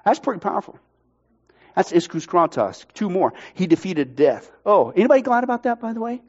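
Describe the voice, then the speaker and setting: A pastor preaching a sermon with emphatic, energetic delivery and playful jokes. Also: male voice, high voice, brisk. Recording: dull lo-fi sound.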